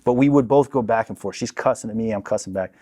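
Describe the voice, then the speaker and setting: A man with a fairly low voice tells a long personal story as a podcast guest. He talks casually and acts out the people in his story with lively voices. He is recorded in a podcast studio. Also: fast. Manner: animated, acts out quoted people.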